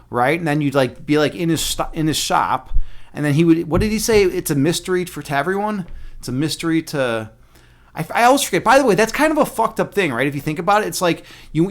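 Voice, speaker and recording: A young man streaming live, rambling casually with lots of fillers and swearing. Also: on the high side.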